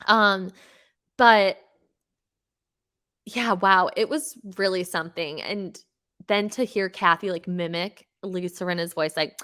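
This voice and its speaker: A young woman hosting a pop culture podcast, recapping reality TV in an animated, gossipy way, swearing freely and full of fillers. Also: fairly low pitch, takes it slowly. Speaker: podcast host.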